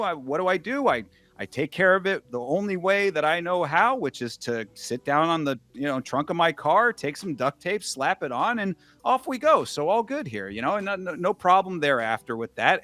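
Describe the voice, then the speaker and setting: A man's voice: a little high, fairly bright tone, no echo. A man co-hosting a casual film review, retelling scenes with dry sarcasm.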